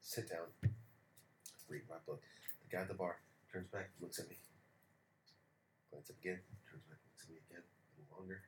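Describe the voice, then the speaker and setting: Speaking at normal speed with long pauses, a man with a low voice co-hosts a podcast, telling animated stories full of swearing in casual talk. The recording has an echoey room sound and faint background noise.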